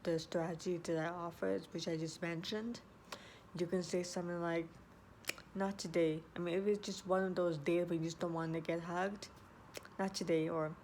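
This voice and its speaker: An earnest woman gives casual advice in a low-pitched voice. She circles back and restarts her sentences. A faint hum of background ambience sits behind her. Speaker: vlogger. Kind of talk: casual advice talk to camera.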